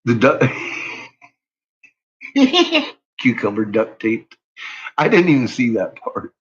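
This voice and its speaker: Laughing, foul-mouthed man, lively pitch. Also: slow pace. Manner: profane, laughs often, ridiculing. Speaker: channel host. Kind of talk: casual mocking commentary. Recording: muffled lo-fi audio.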